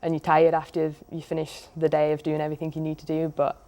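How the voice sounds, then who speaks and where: A young Englishwoman with a low voice gives easygoing, fairly brief answers as the guest of a college sports interview. Her accent is clearly English. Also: monotone, fast talker, mellow. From England. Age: young adult.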